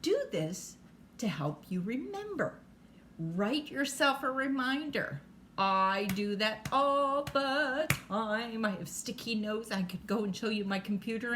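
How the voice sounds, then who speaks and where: A woman's voice: mid-range voice, a little hiss or hum. An older woman reading a bedtime storybook aloud, stopping for chatty asides to the child listening.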